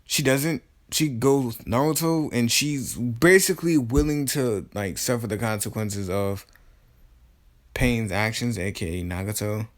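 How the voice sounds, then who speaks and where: A man's voice: mid-range voice, unhurried. Rambling man telling a casual story. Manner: rambling, full of fillers, casual swearing. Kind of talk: casual fan-fiction storytelling.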